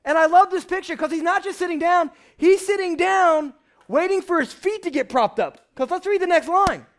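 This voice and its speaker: A young man preaching a lively, conversational sermon from a church stage, shouting at times for emphasis. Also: very high-pitched, normal speed. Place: church stage before a congregation.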